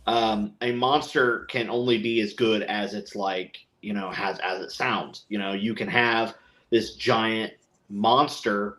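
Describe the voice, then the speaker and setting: Rambling man in casual podcast chat. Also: on the low side. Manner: rambling, animated, acts out quotes. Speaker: podcast co-host.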